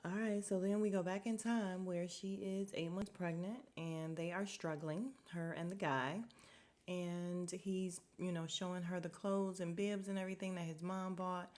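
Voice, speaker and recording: A woman's voice: lowish voice, fairly even intonation, normal speed, a little mellow. A woman hosting a podcast, recapping a TV episode in a chatty, frank way, laughing and swearing as she goes. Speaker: podcast host.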